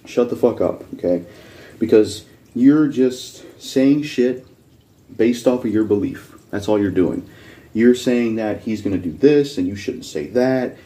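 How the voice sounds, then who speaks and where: A man's voice: medium pitch, mellow. A man hosting a reaction video, ranting bluntly with heavy swearing and repeating his points insistently. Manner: blunt, profane and combative. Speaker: channel host reacting to videos.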